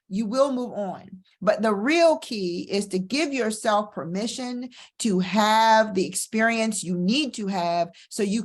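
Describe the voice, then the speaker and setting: This is a middle-aged woman who coaches people through divorce and hosts her own show. She talks candidly and with energy, often repeating a phrase to drive her point home. Her voice sits in a middle pitch. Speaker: divorce coach and podcast host. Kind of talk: casual motivational talk.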